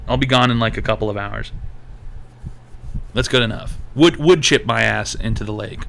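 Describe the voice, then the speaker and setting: A man hosting a live-streamed advice show, ranting in a loose, profane and animated way. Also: lowish voice, normal speed, creaky. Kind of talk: live-stream call-in talk.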